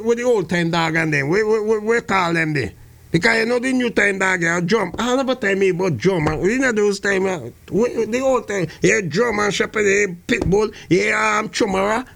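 A man hosting radio, telling animated comic stories and laughing. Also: sits high, creaky. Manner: animated, laughing, acting out scenes.

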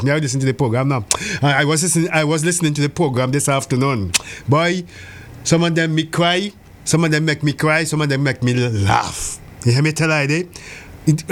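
A man's voice: a little high, a bit bright. A man calling in to a radio show, talking in a repetitive, sing-song patois.

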